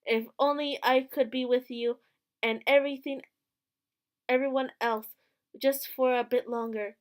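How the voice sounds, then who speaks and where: Woman reading as a soft-spoken, resigned young man in a visual novel, voice stays high. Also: fairly even intonation, unhurried. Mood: tender. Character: young man, gentle and resigned, fading away.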